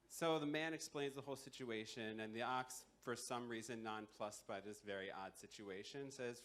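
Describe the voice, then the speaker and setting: A man's voice: mid-range voice, fairly even intonation, normal speed, fairly bright tone. A young man telling a folktale live at a campus show, casual, with many fillers and wry asides. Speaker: storyteller. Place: live university culture show.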